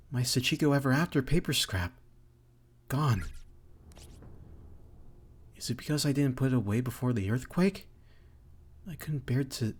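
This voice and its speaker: A fretful teenage schoolgirl, as a man puts her on in a high, strained voice. She sounds breathy and husky, and she talks slowly and carefully. It is game voice acting, reading the girl's lines aloud. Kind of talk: let's play voice acting.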